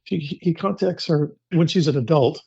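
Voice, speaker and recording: Older man telling lively stories. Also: on the high side, normal speed, creaky, husky, dry recording. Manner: animated storyteller who acts out quotes and repeats words. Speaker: guest, actor. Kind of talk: casual interview storytelling. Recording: dry, slightly muffled podcast audio.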